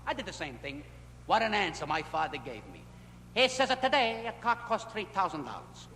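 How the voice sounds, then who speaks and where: A man doing a stand-up routine at a nightclub, telling punchy stories in a voice that jumps in pitch and loudness. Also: sing-song, a little fast. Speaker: stand-up comedian. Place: nightclub stage. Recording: echoey club, scratchy 1960s film audio. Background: audience laughter.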